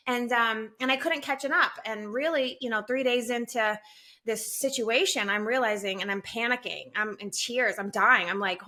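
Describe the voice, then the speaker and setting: Bright-voiced woman telling her story. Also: on the high side, normal speed. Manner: animated, acts out quotes in raised voice. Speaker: guest, sales training company president. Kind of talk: candid storytelling interview.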